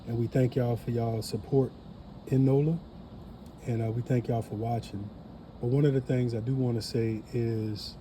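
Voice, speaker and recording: New man, earnest vlog host, deep mellow tone, faint background hiss. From New Orleans. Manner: earnest, motivational, repeats phrases. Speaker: family channel creator. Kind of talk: casual vlog talk to camera.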